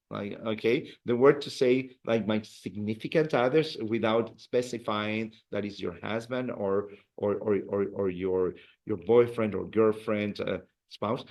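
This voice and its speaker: A man's voice: lowish voice, measured pace. A man teaching a beginner Spanish class, patiently repeating words for drills and encouraging his students. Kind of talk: classroom language lesson.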